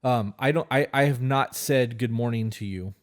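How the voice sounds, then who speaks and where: A man's voice: mid-range voice, moderate pace. A man co-hosting a relationship podcast, talking bluntly and casually, swearing freely and often restarting his words. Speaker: podcast co-host.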